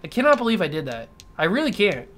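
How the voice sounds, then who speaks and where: A man's voice: high voice, wildly swooping pitch, fast, fairly bright tone. A young man hosting a gaming channel, giving gameplay commentary while frustrated with himself and muttering to himself. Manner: frustrated, self-scolding, talks to himself.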